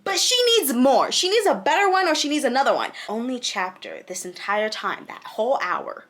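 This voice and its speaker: A young woman in her twenties with a bright, crisp voice, talking straight to camera about a book she disliked. She rants frankly and with exasperation, breaking into laughs between points, in loose, casual chat. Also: fairly high pitch, lively intonation, normal speed. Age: 20s. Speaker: book reviewer.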